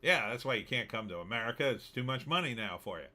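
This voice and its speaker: A fast-talking middle-aged man from New Jersey runs a casual livestream, voicing viewer comments and answering them with sarcasm in a chatty way. His voice is mid-range and sharp-toned, with lively intonation.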